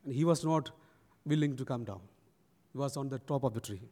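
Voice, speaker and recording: A man's voice: mid-range voice, brisk, dark tone. A man preaching a sermon, telling a story and acting out its people. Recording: long church reverb.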